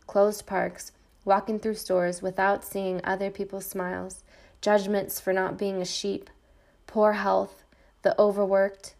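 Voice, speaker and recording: A middle-aged woman hosts a podcast, reading from a script an intense, defiant personal monologue built on repeated refrains. Her mid-range voice is gravelly with a darkish tone.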